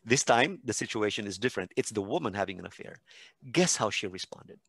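A man's voice: on the low side, fairly quick, creaky, slightly rough, no echo. A man, a teacher and expert on a podcast, telling stories in casual conversation and acting out what people said. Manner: animated storytelling with acted-out quotes.

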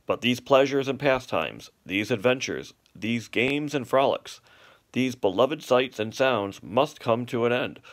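Man reading pompous father swan, grand lecturing delivery, mid pitch, storybook. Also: lively intonation, a little slow, lightly acted. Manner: grand, lecturing, flowery speeches. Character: adult male swan father, pompous and long-winded. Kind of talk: storybook read-aloud.

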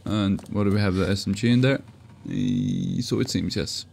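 A man's voice: low-pitched, wildly swooping pitch, moderate pace, gravelly, background noise. A man giving casual, joking commentary while playing a survival horror game and talking back at the characters on screen. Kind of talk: casual let's-play commentary.

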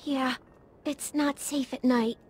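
A woman's voice: sits high, fairly even intonation, slow, husky, dry recording, exaggerated voice. Timid little girl Clementine. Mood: scared. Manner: quiet, timid. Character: scared little girl hiding alone.

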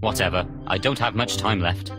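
A man's voice: lowish voice, normal speed, over music, natural voice. A man voicing a bold, cheeky young soldier in a cartoon fairy tale. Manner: lively, cheeky.

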